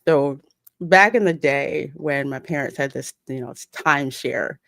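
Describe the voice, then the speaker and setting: A woman's voice: rumbling low, unhurried, gravelly, no room sound, studio quality. A woman hosting a live podcast, chatting casually and telling stories with laughs. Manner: animated, laughing storyteller. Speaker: podcast host. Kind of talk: casual live-stream chat.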